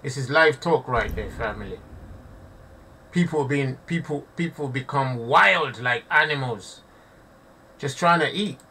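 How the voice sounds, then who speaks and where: A man's voice: mid-range voice, lively intonation, a little slow, long pauses, bright, forceful tone, recorded from a distance, slight background noise. A man giving impassioned live commentary to his audience, preaching and repeating himself, often calling listeners family. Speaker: online preacher.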